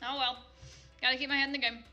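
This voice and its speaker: A young woman reads fanfiction aloud for laughs. She rambles, swears and cuts herself off mid-thought. Her voice is high and bright, with faint music behind it. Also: little pitch movement, quick pace, dull audio. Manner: rambling, swearing, self-interrupting. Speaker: fanfic reader. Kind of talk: casual comedic reading.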